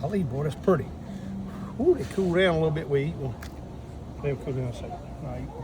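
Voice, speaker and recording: A man's voice: fairly high pitch, animated, a little fast. A man, talking viewers through a crawfish boil outdoors in a folksy, step-by-step way. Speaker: cook showing a crawfish boil. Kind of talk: casual cooking demonstration. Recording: loud outdoor noise.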